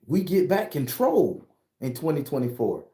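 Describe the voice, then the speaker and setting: A man's voice: a little high, wildly swooping pitch, moderate pace, warm tone, reverberant. A man giving spiritual predictions in a loose, profane, emphatic way, laughing often. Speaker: spiritual reader sharing predictions. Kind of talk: casual spiritual vlog talk.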